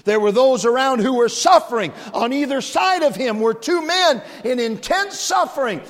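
A man's voice: very high voice, big pitch swings, normal speed, hardly any pauses, in a large hall. A man preaching a revival sermon with rising, impassioned emphasis and repetition.

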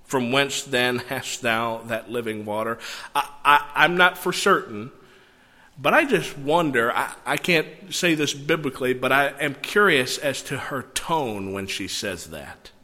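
A man preaching a sermon, reading scripture and breaking into animated, conversational asides. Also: medium pitch, a little slow. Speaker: pastor. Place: church sanctuary. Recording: long church hall reverb.

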